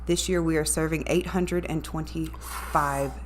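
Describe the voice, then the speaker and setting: A woman's voice: sits low, fairly even intonation, measured pace, crowd noise. A woman, a radio voice talent chatting upbeat as a guest in an interview. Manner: upbeat, chatty, talks to viewers directly. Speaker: radio voice talent and morning show co-host, guest. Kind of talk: casual interview chat.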